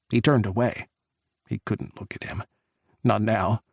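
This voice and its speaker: A man narrating an audiobook in measured, dramatic storytelling. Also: lowish voice, steady tone, gravelly, no echo, clean studio sound. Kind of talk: scripted narration.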